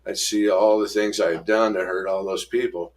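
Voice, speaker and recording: A middle-aged man candidly telling his life story in an interview, rough-spoken, acting out old arguments in raised voices. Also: fairly low pitch, steady tone, moderate pace.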